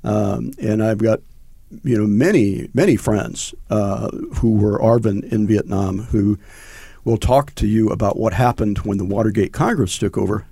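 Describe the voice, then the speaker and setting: A man's voice: fairly low pitch, normal speed, vocal fry, warm tone, husky, no echo, clean studio sound. An older man, a veteran, recounting his war experiences in a rambling, conversational interview with frequent fillers and restarts. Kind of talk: conversational recollection.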